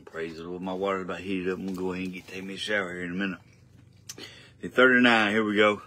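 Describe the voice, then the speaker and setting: A young man preaching an informal home sermon, earnest and repetitive, often stumbling and restarting, rising louder when he reads scripture. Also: sits low, fairly even intonation, quick pace. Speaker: lay preacher.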